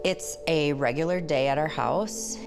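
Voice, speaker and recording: Brief: middle-aged woman, deep voice with vocal fry, measured storytelling, faint music under. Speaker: mother of the deceased. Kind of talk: documentary interview.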